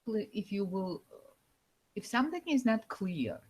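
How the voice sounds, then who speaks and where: A woman lecturing a university class over a live online call, pausing often and searching for words with fillers. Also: mid-range voice, very animated, a little mellow, slightly rough. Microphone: computer microphone over a video call.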